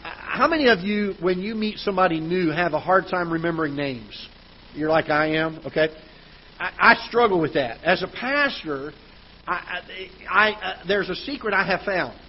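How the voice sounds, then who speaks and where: A man's voice: sits high, expressive, moderate pace, highs cut off, a little hiss or hum. A man preaching a sermon as pastor, earnest, often restarting and repeating words. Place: church auditorium.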